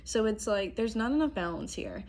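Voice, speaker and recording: A young woman giving a casual tarot reading to camera. Her throat is strained and she talks in a chatty, relaxed way, clearing her throat often. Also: medium pitch, normal speed. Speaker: tarot reader. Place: apartment room indoors.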